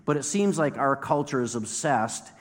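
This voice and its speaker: A man's voice: medium pitch, animated, moderate pace, long reverb tail. A male pastor preaching a sermon in a conversational way, driving points home with emphatic repetition.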